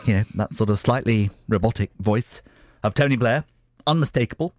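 A man's voice: lowish voice, normal speed, darkish tone, no echo. A middle-aged man chatting as a guest in a radio studio, telling anecdotes with a chuckle. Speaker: guest impressionist. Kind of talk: radio interview chat. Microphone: studio microphone.

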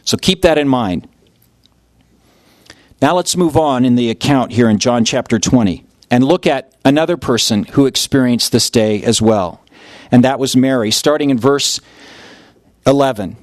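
A man's voice: medium pitch, unhurried, long pauses, no echo, clean studio sound. A man preaching a sermon as pastor, telling the story vividly and acting out the voices of its people. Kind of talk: expository sermon.

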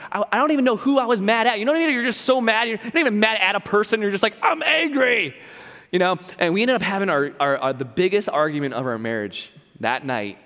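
A man's voice: on the high side, a bit bright, long reverb tail. A young man giving a sermon as a pastor, telling a personal story in a conversational way with lots of repeats and fillers. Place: church hall.

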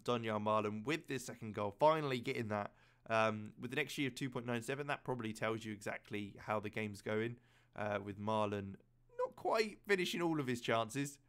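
A man giving casual, excitable play-by-play commentary over a video game match, chatty and quick to laugh. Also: mid-range voice, clear, resonant tone. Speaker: gaming commentator.

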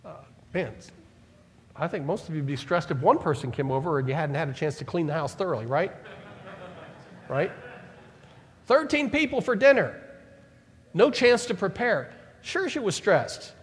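A male pastor preaching a sermon to his church, animated, acting out the words of the people in his story. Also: on the high side, moderate pace, long pauses. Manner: animated preaching, acts out Bible figures' words. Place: church sanctuary. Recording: church hall reverb.

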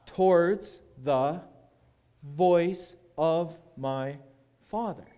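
A man preaching as a guest speaker, telling a personal story with dramatic pauses and hushed moments. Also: a little high, clear, resonant tone, muffled recording.

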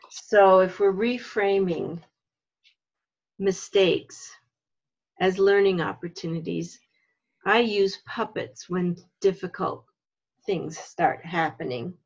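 Unhurried woman leading a teacher workshop. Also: lowish voice, highs cut off. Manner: slow and thoughtful, explaining step by step. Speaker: religious education leader.

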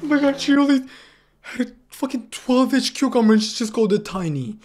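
A man's voice: very high voice, lively intonation, a little fast, darkish tone. A man giving sarcastic, profane reaction commentary on a video. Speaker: commentary YouTuber.

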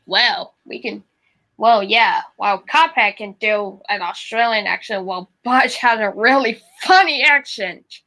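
A woman's voice: medium pitch, measured pace, sharp tone. A woman in casual chat, giggly and playful.

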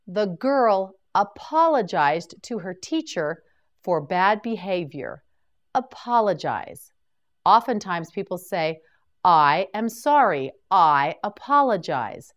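In a muffled recording, a woman leads a vocabulary drill at a very slow, careful pace, like a patient teacher prompting learners to repeat each word after her. Her voice is a little low, but her pitch rises and falls widely on every word.

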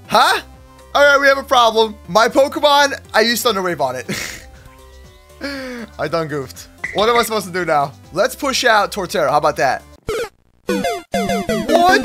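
A young man giving excited gameplay commentary as a YouTuber, shouting and laughing as he plays. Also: very high voice. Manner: hyped, shouty, laughs often, addresses "ladies and gentlemen". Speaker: gaming YouTuber.

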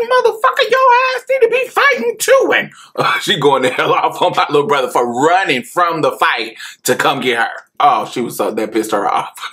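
Woman, podcast host, personal story, slow unhurried delivery, bright voice, laughs a lot, profane. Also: very deep voice. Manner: animated, laughs often, profane, vivid.

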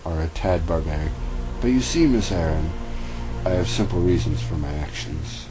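A man voicing a sinister male kidnapper with slow, mock-polite menace, over music. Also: deep voice, lightly acted. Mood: smug. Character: smug sinister male kidnapper, grinning villain.

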